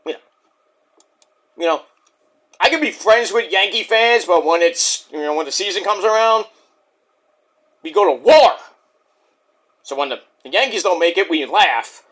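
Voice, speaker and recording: Man, high bright voice, very animated, casual profane wrestling review. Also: moderate pace, long pauses. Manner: animated, profane, jokey, breaks into impressions. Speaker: wrestling reviewer, channel host.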